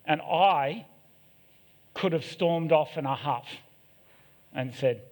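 A middle-aged man preaches in a church hall, frank about his own failings and given to joking asides. His voice sits a little high for a man. Long reverb from the hall trails after his words. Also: slow, long pauses. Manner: candid, self-deprecating, joking asides. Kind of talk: sermon.

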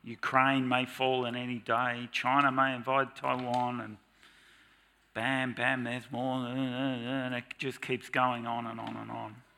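Male preacher in a church, unhurried and earnest sermon delivery, bright tone with a gravelly edge. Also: mid-range voice, little pitch movement. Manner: earnest, confessional. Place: church with slides.

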